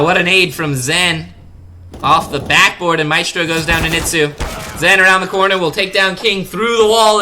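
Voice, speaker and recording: A young man giving live play-by-play for a college esports match, his high, very bright voice leaping upward at big plays. He jokes between calls and rarely slows down. A faint hiss of noise sits under the recording. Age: young adult. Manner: excitable, jokey, bursts of sudden excitement. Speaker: esports caster.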